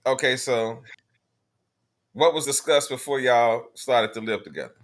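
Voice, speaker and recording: A man's voice: mid-range voice, a little slow. A man hosting a casual call-in talk show, talking bluntly and profanely in a laid-back way.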